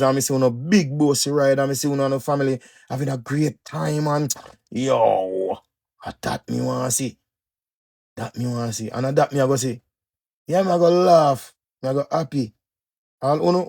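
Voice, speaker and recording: Gravelly Jamaican Patois man preaching. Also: medium pitch. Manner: emphatic, repetitive, swings loud and soft. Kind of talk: preachy motivational monologue.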